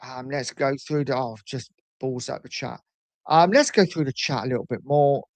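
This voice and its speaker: A man hosting a casual livestream, reading out viewer comments in a chatty, animated way with frequent ums. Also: medium pitch, normal speed, dry recording. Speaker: livestream host reading chat. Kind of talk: casual live chat.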